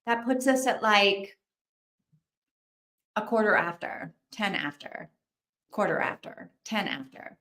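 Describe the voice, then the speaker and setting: Slow-talking chatty woman in an echoey room. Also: mid-range voice, lively intonation, fairly bright tone. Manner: chatty, thinks aloud, reacts to viewer comments. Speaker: livestream host. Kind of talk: casual livestream chat.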